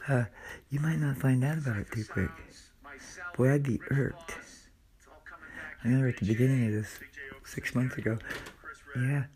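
Recorded at a friend's country house, this podcast host speaks in a mellow, medium-pitched voice. He drifts through a loose, scattered monologue, confiding freely as he goes.

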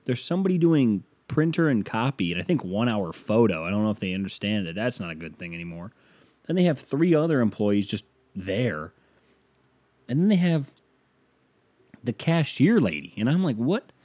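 A man hosting a solo podcast, ranting casually and profanely with loud exasperated outbursts, tired and yawning. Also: on the low side, very animated, moderate pace. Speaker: podcast host.

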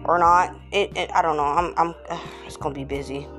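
A woman's voice: deep voice, fairly even intonation, moderate pace, fairly bright tone, soft background music. A woman hosting her own podcast from home, chatting casually with hype, slang and sing-song chants. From Texas. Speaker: podcast host. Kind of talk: casual morning chat.

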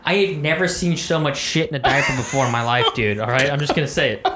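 A man chatting on a podcast, telling a story in a loose, rambling way and swearing freely. His voice sits at a middling pitch, and the room sounds echoey. Faint noise hums underneath. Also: fast talker. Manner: profane, rambling storyteller with many fillers. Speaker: podcast co-host. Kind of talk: casual storytelling chat.

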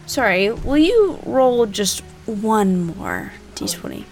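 A woman's voice: mid-range voice, huge pitch swings, slow pace, vocal fry, music in the background. A woman narrating a tabletop game as game master, chatty and hesitant, with many fillers.

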